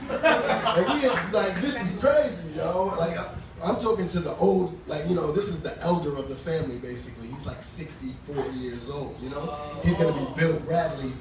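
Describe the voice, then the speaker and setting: A stand-up comedian tells stories live on a small club stage, his voice on the high side at a moderate pace. He's loose and chatty, full of restarts and fillers. The audio is noisy and echoey from a distant mic, with crowd noise.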